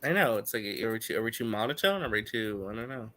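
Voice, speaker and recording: A man's voice: medium pitch, expressive, fast talker, bright, forceful tone. A man with a stuffy cold, co-hosting a casual live reaction stream, joking and swearing freely. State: congested from a cold.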